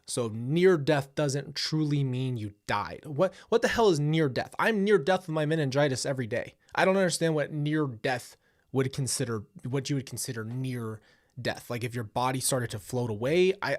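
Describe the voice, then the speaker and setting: A chatty man hosts a casual reaction show at an average pitch. He drifts into tangents as he talks. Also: normal speed. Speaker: host.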